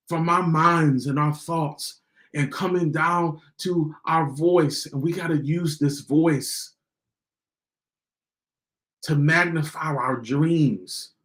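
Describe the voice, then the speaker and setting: A man's voice: on the high side, a bit bright. A man hosting a podcast, giving a motivational talk in a preachy way and repeating lines for emphasis. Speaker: podcast host.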